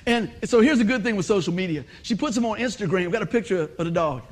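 A man's voice: high voice, lively intonation, fast, background noise. A male pastor, telling a funny story in a sermon, laughing often and acting out the voices.

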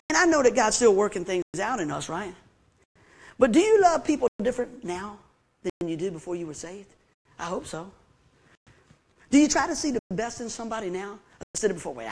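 A man preaching a sermon to his congregation in a folksy, animated way, with lots of questions to the listeners. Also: sits high, breathy edge. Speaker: pastor.

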